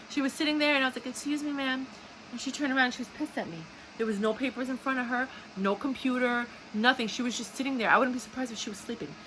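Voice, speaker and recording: A woman's voice: fairly high pitch, sharp tone, a little hiss or hum, low-quality recording. A young woman telling a story in an angry, indignant monologue full of swearing. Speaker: video host. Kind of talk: casual ranting monologue.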